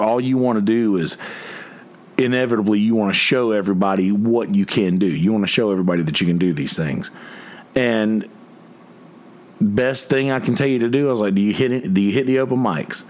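Musician vlogger, male, lowish voice, rambling rant full of profanity and restarts. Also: moderate pace. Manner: many restarts and filler words. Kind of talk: casual livestream chat.

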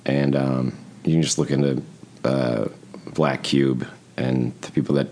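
Very deep-voiced man in profane rambling chat. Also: unhurried. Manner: profane, rambling, animated storytelling. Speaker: podcast co-host. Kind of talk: casual conversation.

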